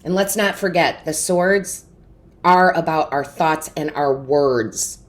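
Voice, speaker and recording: Low-voiced earnest woman reading tarot. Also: slow pace. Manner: earnest, emotional, often asks "right?" and "okay?". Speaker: tarot reader and medium. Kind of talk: intuitive tarot reading to camera.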